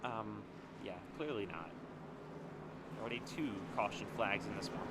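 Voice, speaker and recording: A young man calling live play-by-play for an online racing series, excitable and exclaiming at crashes. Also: fairly high pitch. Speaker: race commentator. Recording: loud racing game engine noise behind.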